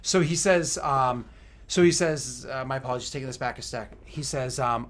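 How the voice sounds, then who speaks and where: A man runs a tabletop game and describes the scene as game master. His voice is bright and forceful, and his narration is loose and halting, full of fillers and restarts. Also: medium pitch, fairly even intonation, a little hiss or hum.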